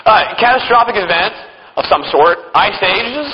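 A high-voiced man gives a church-conference Bible lesson full of jokes and sarcastic asides, chuckling as he goes. The sound is dull and lo-fi, with a long hall reverb and faint background noise. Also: lively intonation, normal speed. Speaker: speaker teaching at a church conference. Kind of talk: humorous Bible teaching talk.

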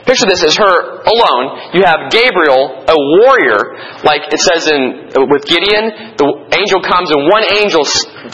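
A young man leading a classroom Bible lesson, telling it conversationally with animated restarts. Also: a little high, normal speed, poor audio. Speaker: Bible study teacher.

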